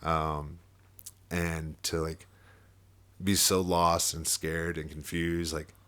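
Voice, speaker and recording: A man's voice: a bass voice, little pitch movement, takes it slowly, a bit bright, smooth. A young man telling a personal story in casual podcast chat, full of fillers and swearing and with bursts of laughter. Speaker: podcast guest.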